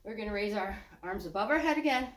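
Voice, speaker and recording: A woman's voice: mid-range voice, lively intonation, fast talker, roomy sound. An older woman leading a walking workout. She is out of breath, jokes, and sighs between her encouraging cues. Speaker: fitness instructor.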